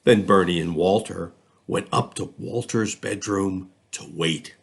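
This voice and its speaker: A man reading a children's storybook aloud, expressive and lively in his storytelling. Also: sits low, a little slow, vocal fry, husky. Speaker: school district reader.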